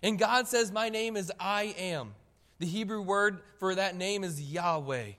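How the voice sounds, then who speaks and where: A high-voiced man preaches a sermon with animated emphasis, calling on the congregation to look and answer. His voice rings out with a long reverb in the church hall. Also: measured pace.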